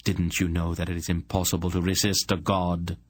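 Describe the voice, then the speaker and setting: A man reading the part of a commanding sorceress in an audiobook, speaking in a sharp, questioning way. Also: sits low, little pitch movement, brisk. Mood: cold. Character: commanding woman sorceress, proud and fierce.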